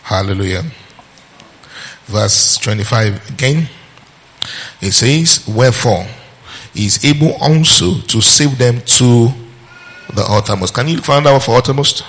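A male preacher delivering a sermon, reading scripture and quizzing his listeners, repeating phrases for emphasis and slowing down on key verses. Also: mid-range voice, fairly bright tone.

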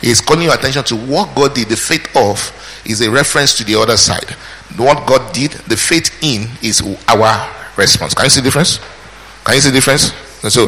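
Male preacher, bright tone, teaching verse by verse, quizzing his flock, church-hall reverb. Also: mid-range voice. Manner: questioning the congregation, call and response. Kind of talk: sermon, verse-by-verse Bible teaching. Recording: hall reverb, faint ambience.

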